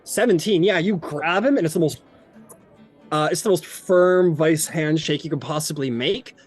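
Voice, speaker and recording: A male game master narrating a tabletop game, rambling through descriptions with plenty of fillers. His voice sits a bit high for a man. Faint music plays underneath. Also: moderate pace.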